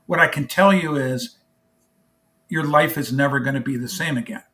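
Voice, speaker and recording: A middle-aged man tells an emotional story in an interview. He is animated and acts out both sides of a phone call. His voice sits at an ordinary, middle pitch. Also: normal speed. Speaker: charity founder, guest.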